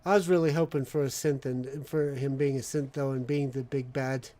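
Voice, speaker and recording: A man's voice: medium pitch, fairly even intonation, fairly quick, dark tone. A man streaming a game, chatting casually with friends and humming while he browses menus. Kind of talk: casual gaming chat.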